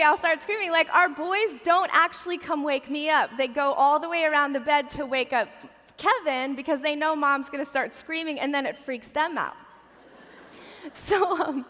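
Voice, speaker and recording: A woman in her forties with a high voice tells a funny personal story to a church crowd. Her tone is bright, chatty and self-deprecating. A long reverb from the big auditorium trails each phrase. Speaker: guest speaker at a church Christmas event. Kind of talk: humorous personal storytelling message.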